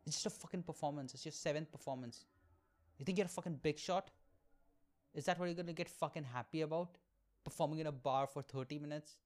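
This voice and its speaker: A man's voice: fairly high pitch, quick pace, a little mellow, close to an everyday voice. A man voicing his own scornful inner voice, berating himself with heavy profanity. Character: harsh scolding inner voice of a young man.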